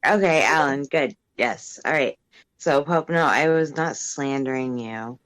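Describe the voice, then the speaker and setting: A woman's voice: a bass voice, unhurried, fairly bright tone, no room sound. A woman chatting casually with friends on a livestream, mild and easygoing, avoiding arguments. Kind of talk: casual group chat on a livestream.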